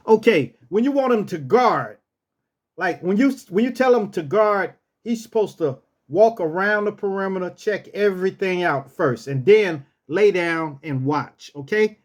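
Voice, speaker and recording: A man telling a casual story and teaching dog commands, repeating himself and calling out each command in a rough, drill-sergeant tone. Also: high voice, animated, a little slow. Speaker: storyteller host.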